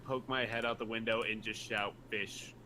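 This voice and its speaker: A man chats as a player in a tabletop game, tossing off wry jokes in character. A home mic picks up clear background noise and keyboard typing. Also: lowish voice, flat delivery, fairly quick, bright, forceful tone. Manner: wry, jokey in-character quips.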